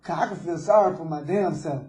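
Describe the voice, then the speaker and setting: Remorseful young man, high dark voice. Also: fairly quick, reverberant. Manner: remorseful, repeatedly saying sir. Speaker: jailed suspect being interviewed. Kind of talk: emotional jailhouse interview.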